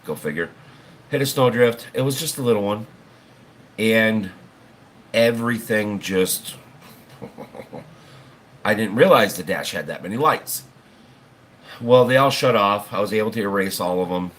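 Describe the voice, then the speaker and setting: Low-voiced man rambling on a livestream. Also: expressive, unhurried, pauses often, a bit bright, a little hiss or hum. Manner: rambling, folksy, swears casually. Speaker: livestream host. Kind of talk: casual livestream chat.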